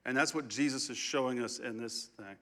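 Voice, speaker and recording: A man's voice: medium pitch, fairly quick, fairly bright tone. Man, pastor, sermon, direct questions, church. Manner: direct, asks the congregation questions. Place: church sanctuary.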